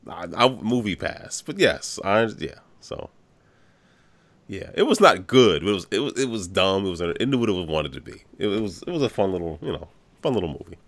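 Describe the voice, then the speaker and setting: A man co-hosting a casual podcast with a lowish voice that swings widely in pitch. He is laid-back and wry, and laughs readily. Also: very animated, moderate pace, fairly bright tone, no echo. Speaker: podcast co-host. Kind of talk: casual chat.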